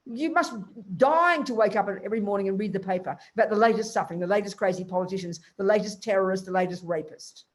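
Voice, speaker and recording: A woman's voice: mid-range voice, fast talker, hardly any pauses. An older woman, a Buddhist teacher, giving a blunt, emphatic dharma talk to a group and acting out inner voices.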